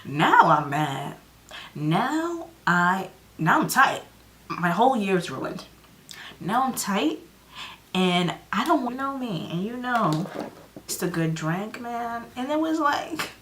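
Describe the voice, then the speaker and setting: A woman in her twenties telling a story in a casual vlog, animated and dramatic, acting out her own lines. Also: medium pitch, measured pace, slight background noise. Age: 20s. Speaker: vlogger.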